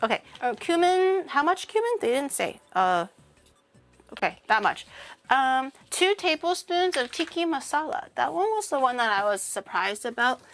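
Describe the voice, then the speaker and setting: Woman streamer, casual cooking chat, rambling, mock-outraged rants, higher pitch, faint music behind. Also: big pitch swings, normal speed, a bit bright.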